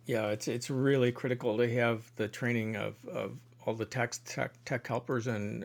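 A man speaking as a guest expert, measured and explanatory. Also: lowish voice. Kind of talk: casual chat.

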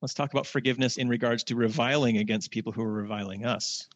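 A man teaching a casual scripture lesson, reading verses slowly and adding plain-spoken asides. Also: mid-range voice, fairly even intonation. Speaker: religious teacher. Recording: dull lo-fi, dry sound.

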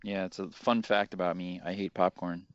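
Low-voiced, deadpan male co-host. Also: moderate pace, dry recording, highs cut off. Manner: dry, deadpan joking. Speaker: podcast co-host. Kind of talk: casual podcast chat.

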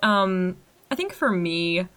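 A young woman co-hosting a casual podcast chat, talking in an animated way and often quoting herself. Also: lowish voice, slow. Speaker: podcast co-host.

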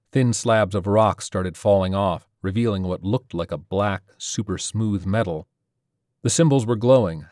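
A man narrating a story in a steady, measured reading style. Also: low voice, no room sound, studio quality. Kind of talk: audiobook narration of a sci-fi horror story.

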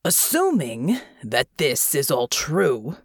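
A gruff, weary bear-morph captain, as a female audiobook narrator puts him on, low and slow, drawling his words out with blunt exasperation. His voice swings widely in pitch, and the dry studio sound keeps it close. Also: huge pitch swings, no echo, heavily acted. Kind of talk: audiobook character voice.

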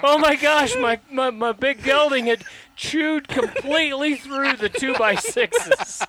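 A middle-aged man at a hunting camp, telling a story in a casual, animated way and laughing often. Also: extremely high pitch, takes it slowly, heavy background noise.

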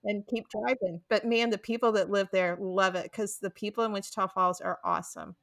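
A woman's voice: medium pitch, fairly even intonation, fairly quick, creaky, fairly bright tone. A middle-aged woman from Texas, a guest on a podcast interview, telling stories and acting out her own quoted lines. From Texas, USA. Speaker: guest author.

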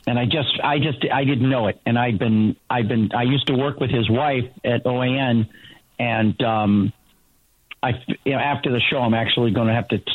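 A man joining a talk radio show as a guest reporter, speaking earnestly in halting, restarting sentences. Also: medium pitch, fairly even intonation, dry recording. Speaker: reporter and political analyst guest. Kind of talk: casual talk radio chat. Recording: tinny dry phone-like line.

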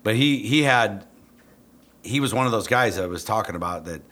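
Blunt, low-voiced dog trainer telling stories. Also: male voice, moderate pace. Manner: blunt, profane, animated when quoting himself. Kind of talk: casual storytelling.

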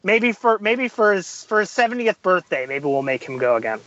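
Male podcast guest, high voice, lively anecdotes with acted-out quotes; dry, slightly muffled sound. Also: normal speed. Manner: animated storyteller, acts out quotes. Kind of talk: casual podcast chat.

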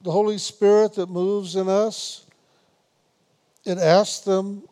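A man giving a spiritual meditation talk, unhurried and repetitive, gently teasing his listeners and laughing now and then. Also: high voice, little pitch movement. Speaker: spiritual teacher.

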